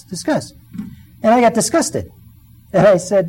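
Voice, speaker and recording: A man's voice: high-pitched, expressive, normal speed, long pauses, mellow, rough recording. A man in his fifties giving a personal testimony sermon, telling stories and acting out the voices of the people in them. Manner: storytelling, acts out quoted voices.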